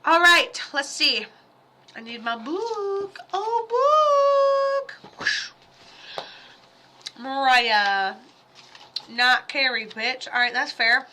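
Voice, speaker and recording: Bright-voiced chatty woman medium. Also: high voice, huge pitch swings, very slow, long pauses, slight background noise. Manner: chatty, blunt and joking, with frequent fillers. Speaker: psychic medium. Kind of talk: casual livestream reading.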